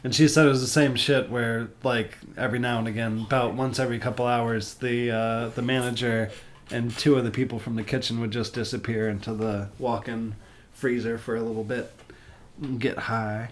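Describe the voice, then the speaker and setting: A young man in casual podcast chat who laughs often and tells stories in an animated way, with some swearing. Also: mid-range voice, normal speed, a little hiss or hum.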